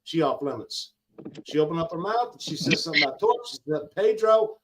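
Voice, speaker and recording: Older man with grandkids, guest on a talk stream. Emphatic, slangy, lively pitch. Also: a little fast, noisy background. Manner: heated, emphatic, slangy, repeats lines for effect. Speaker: guest on a live gig-driver talk show. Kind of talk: casual live-stream chat.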